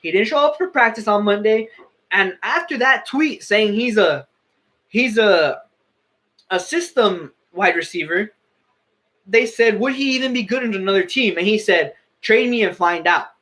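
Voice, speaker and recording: A man's voice: high voice, lively intonation, normal speed, sharp tone. A young man giving casual, opinionated sports commentary, often correcting and restarting himself.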